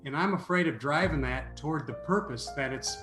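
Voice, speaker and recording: A man telling a story as an interview guest, animated and prone to restarting his sentences. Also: fairly high pitch, a little fast, reverberant, over music. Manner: animated storyteller, repeats words when starting.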